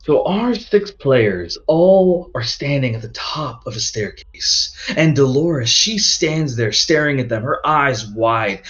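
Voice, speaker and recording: A man's voice: on the high side, expressive, slow, hardly any pauses, fairly bright tone. A man narrating a tabletop game as game master, in a casual, rambling way. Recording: dull lo-fi audio with faint music.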